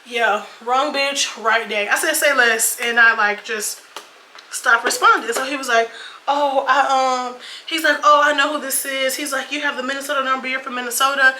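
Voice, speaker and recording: A woman's voice: high-pitched, steady tone, moderate pace, pushed and bright, slight background noise. A young woman in her twenties telling a dating story while doing her makeup, chatty and casual, cursing freely and calling her viewers y'all and girl. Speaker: beauty vlogger. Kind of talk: casual get-ready-with-me storytime. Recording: echoey room with faint ambience.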